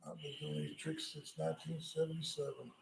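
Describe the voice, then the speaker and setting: A man's voice: a little high, steady tone, brisk, vocal fry. An older man as a podcast guest in casual chat, laid-back and wry, answering with short dry remarks. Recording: echoey room with background noise.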